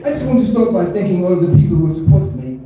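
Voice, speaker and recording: A man's voice: sits high, very animated, racing, mellow, faint music behind. A man mimicking a young woman's polite statement. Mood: earnest. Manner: weak mimicked accent. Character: young woman reading a gracious public statement. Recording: echoey room from far off.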